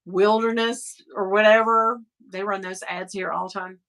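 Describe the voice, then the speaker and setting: Middle-aged Southern woman hosting a livestream, bright tone, rambling, casual cursing. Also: medium pitch, steady tone, moderate pace. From American South. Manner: chatty, rambling, laughs often, swears casually. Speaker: livestream host reading chat. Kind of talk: casual chat.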